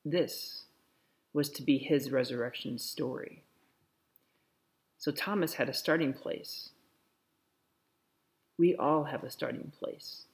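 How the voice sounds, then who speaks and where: A man preaching a sermon in a slow, reflective way, softly repeating a blessing. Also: medium pitch. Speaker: pastor.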